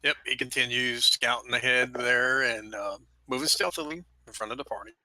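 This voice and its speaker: A man with a very bright, sharp-edged voice plays a tabletop game, calmly laying out his character's actions. He talks in a casual, drawling way. The sound is dry and close. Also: mid-range voice, moderate pace, no echo. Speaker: player.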